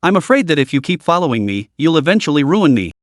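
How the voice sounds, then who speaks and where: Man playing a blunt sarcastic young vendor, lively pitch, dry close mic. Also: fast talker, no room sound. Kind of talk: storybook narration.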